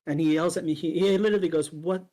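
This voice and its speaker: A man in a relaxed podcast conversation, recounting an encounter with lively storytelling energy. His voice sits a touch high for a man, and he slips into other people's lines as he talks. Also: very fast. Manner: animated storyteller, acts out quoted voices. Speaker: podcast co-host. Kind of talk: casual storytelling chat.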